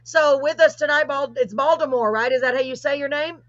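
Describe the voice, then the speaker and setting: A woman hosts a live stream from a video call, her voice a touch high and bright. She talks in a chatty, gushing way and apologizes readily. The sound is dull and dry, with no room around it. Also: a little fast, dry recording. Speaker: host. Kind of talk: live call-in show chat.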